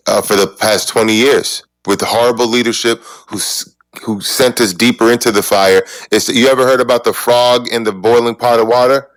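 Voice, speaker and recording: Loud, insistent man in a heated debate. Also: lowish voice, dry recording. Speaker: podcast co-host.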